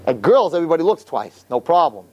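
A man teaching boys the weekly Torah portion in an impassioned sermon, firing rhetorical questions and swinging from low murmurs to loud, high exclamations. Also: sing-song, quick pace, highs cut off.

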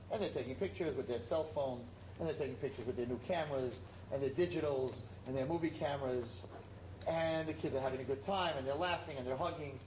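A man teaching a class, telling a parable in an animated, emphatic way and repeating his points. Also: a little high, fast, slight background noise. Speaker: religious teacher. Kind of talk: storytelling lesson to a class. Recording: roomy echo.

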